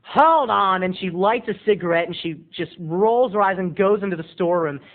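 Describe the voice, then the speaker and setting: A man telling a funny personal story in an animated, self-mocking way with quick asides, heard through a tinny phone-like sound. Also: high-pitched. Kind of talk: comic storytelling.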